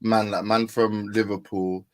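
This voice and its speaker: A man's voice: lowish voice, little pitch movement, measured pace, a little mellow, no echo, poor audio. Hesitant man, casual chat. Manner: hesitant, filler-heavy, laughs easily. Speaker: panel guest. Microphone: video call.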